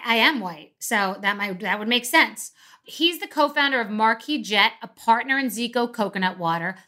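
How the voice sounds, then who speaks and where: A woman's voice: fairly high pitch, sharp tone. A woman hosting a podcast, telling a rambling comic story with many asides, then introducing a guest. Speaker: podcast host.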